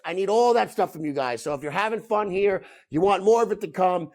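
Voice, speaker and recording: A man's voice: high voice, a little fast, hardly any pauses, a little mellow. A man hosting his own podcast in a casual, rambling solo monologue, full of fillers and laughing often. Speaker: podcast host.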